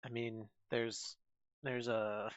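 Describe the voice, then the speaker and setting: A man playing an adventurer in a tabletop game, speaking in a hesitant, halting way on a dull, lo-fi mic. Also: medium pitch, flat delivery, dry recording, natural voice. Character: male adventurer who knows the coast.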